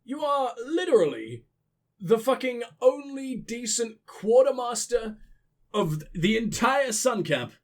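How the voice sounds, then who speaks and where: Young male let's player, high and animated, sarcastic, profane, faint music under. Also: takes it slowly. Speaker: let's play gamer. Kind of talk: sarcastic gameplay commentary.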